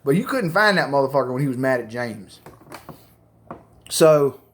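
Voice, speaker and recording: A man's voice: mid-range voice, animated, moderate pace. A man telling a crude, rambling story to camera in casual, profane chat. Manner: rambling, crude, full of fillers.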